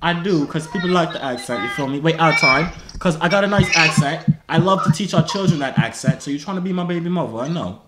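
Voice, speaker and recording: A man's voice: fairly high pitch, expressive, fast, few pauses, very noisy. A man vlogger in a put-on British accent, teasing and flirting with strangers on a video chat app.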